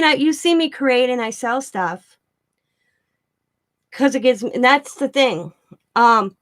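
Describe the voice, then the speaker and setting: A woman's voice: fairly high pitch, fairly bright tone. Chatty rambling woman vlogger. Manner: rambling, chatty, laughs often, restarts sentences. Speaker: craft vlogger. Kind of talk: casual storytelling chat.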